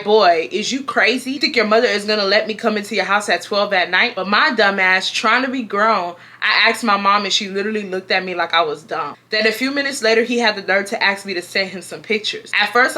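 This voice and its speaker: A woman in her twenties from Houston, Texas, reading a viewer's story aloud on her vlog and joking about it. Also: medium pitch. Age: 20s. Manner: animated and playful, laughing and joking between parts. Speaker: YouTuber.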